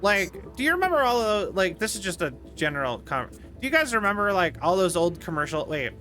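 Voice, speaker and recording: A male streamer talks casually over his game, rambling through jokes and asides to chat. His voice sits high and bright, and faint music plays underneath. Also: big pitch swings, a little fast. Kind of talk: casual gameplay commentary.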